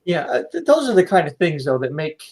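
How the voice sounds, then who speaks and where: An American man hosts a relaxed podcast interview. His voice sits a bit high for a man. He talks in long, rambling stretches, cheers on his guest and slips in jokes. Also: brisk, poor audio. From United States. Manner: rambling, encouraging, jokey. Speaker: podcast host. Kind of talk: casual interview chat.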